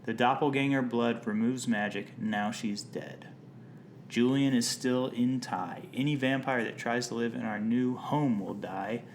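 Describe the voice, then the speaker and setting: A man's voice: medium pitch, unhurried, a little hiss or hum. A man co-hosting a podcast, casually recapping a TV episode from his notes with playful jokes and wordplay. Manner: jokey, playful, summarizes from notes. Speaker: podcast co-host.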